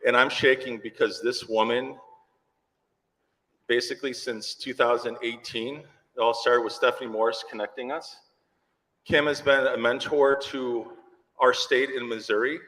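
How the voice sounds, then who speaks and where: A man hosting a conference, introducing the keynote speaker in an excited, joking and nervous way. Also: medium pitch, a little slow. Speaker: conference host. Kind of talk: event introduction. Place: large conference hall. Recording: long hall reverb.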